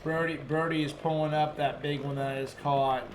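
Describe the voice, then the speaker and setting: A man hosting a fishing show, telling fish stories in casual, excited chat with sound effects and frequent restarts. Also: a little high, a little fast, reverberant, background noise.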